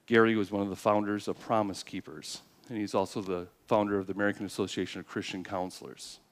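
Low-voiced man preaching a sermon. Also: level tone. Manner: earnest, swings between loud emphasis and quiet, slowed phrases. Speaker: pastor.

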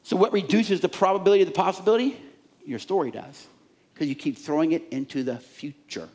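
A male pastor with a high voice preaches briskly and with animation. In his sermon he acts out the voices in people's heads and the fans in the stands.

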